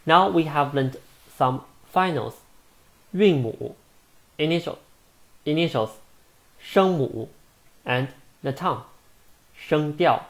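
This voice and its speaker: A man teaching a beginner language lesson, speaking slowly and deliberately and modeling each sound. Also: fairly high pitch, expressive, creaky.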